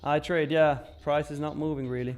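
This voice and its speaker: A man's voice: a little high, steady tone, normal speed, soft background music. A young man hosting a live trading stream in casual chat, reading viewer questions aloud and answering them. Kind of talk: casual live market commentary.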